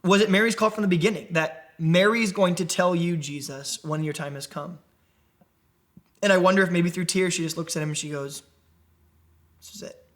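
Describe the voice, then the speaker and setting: Animated and conversational, a man teaches the Bible to a young adult group as their ministry preacher, often putting questions to them. His voice sits high and he talks fairly quickly.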